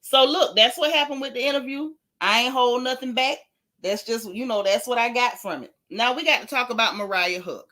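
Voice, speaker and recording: A woman with a bright, forceful voice pitched a little high hosts a casual gossip vlog. She talks straight to her viewers with sassy, blunt teasing and reads out their comments to answer them. Her tone is chatty and unfiltered. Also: brisk.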